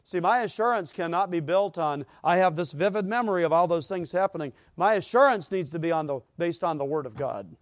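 A man preaches a sermon in a fairly high voice, acting out small scenes and swelling to emphatic peaks. The sound is dry and close, with no room around it. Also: lively intonation, a little fast, hardly any pauses, no echo. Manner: storytelling with acted-out voices, rising to emphatic peaks. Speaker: pastor.

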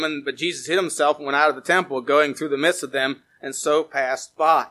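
A male pastor preaching a sermon, reading scripture aloud and swinging between emphatic rises and quiet, low drops. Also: moderate pace, hardly any pauses.

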